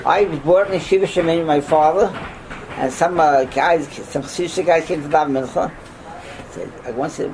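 An older man teaching a Torah class as a rabbi, animated, firing off rhetorical questions and breaking into sudden loud outbursts. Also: on the high side, normal speed, noisy background.

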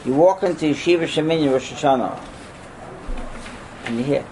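An older man teaching a Torah class as a rabbi, animated, firing off rhetorical questions and breaking into sudden loud outbursts. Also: fairly high pitch, a little fast, pauses often, a little hiss or hum, low-quality recording.

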